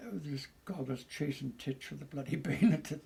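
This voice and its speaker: Older man in his eighties, gravelly and a touch high-pitched, telling stories with frequent chuckles. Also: brisk, low-quality recording. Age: 80s. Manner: lively storyteller who chuckles often. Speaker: interviewee recounting memories. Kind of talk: casual storytelling.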